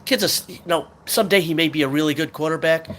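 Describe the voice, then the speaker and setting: A man's voice: fairly high pitch, fast talker, fairly bright tone. Frustrated ranting sports fan man. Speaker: sports talk host. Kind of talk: sports rant podcast.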